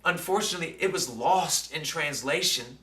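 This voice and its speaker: A man's voice: fairly high pitch, normal speed, bright, forceful tone. A man talking casually into the camera about his day, using lots of fillers and asking "right?" as he goes. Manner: conversational, with many fillers and tag questions. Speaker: vlogger. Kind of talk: casual reflective monologue. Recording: roomy sound, mic at a distance.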